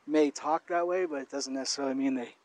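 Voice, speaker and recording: A man co-hosting a casual conversational podcast, talking in a thoughtful, halting way and often restarting his phrases. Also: medium pitch, steady tone, darkish tone. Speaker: podcast co-host.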